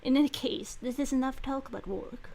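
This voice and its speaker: A woman voicing a reserved, formal young male commandant who speaks in a measured, polite way. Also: sits high, a little mellow.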